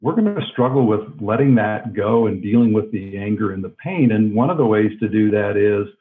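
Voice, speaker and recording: A man being interviewed as a guest author, explaining in a calm, reflective way. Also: fairly low pitch, brisk. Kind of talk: interview on a call-in line. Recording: tinny phone line.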